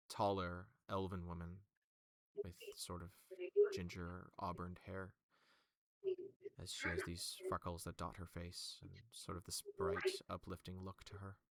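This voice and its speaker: A man's voice: low-pitched, gravelly, bright, forceful tone, no echo. A man narrating as game master in a tabletop game, describing scenes with many fillers.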